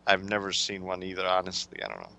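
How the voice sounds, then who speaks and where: A man's voice: deep voice, sing-song, fast, gravelly, bright, forceful tone, highs cut off. A European-born man on a podcast, speaking hesitantly and defensively, often stumbling over his words in casual chat. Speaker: podcast co-host.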